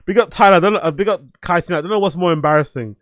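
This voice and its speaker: A man hosting a live stream, giving casual commentary that is animated, repetitive and full of swearing and laughter. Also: high voice, rapid-fire, no echo. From London. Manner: animated, swears freely, laughs often, repeats phrases. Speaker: streamer host.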